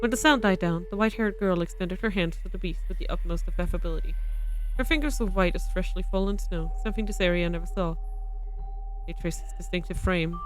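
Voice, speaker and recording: A woman's voice: fairly low pitch, fast, soft background music, rough recording. A woman streamer chatting casually and reading game narration aloud, playful and giggly between lines.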